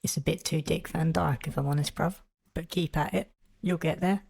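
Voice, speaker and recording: A man's voice: on the high side, fairly even intonation, normal speed, creaky, a little mellow, husky, voice pushed up. A man voicing a snarky British male side character with a mock British accent who heckles and corrects the host. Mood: teasing. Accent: mock British (put on).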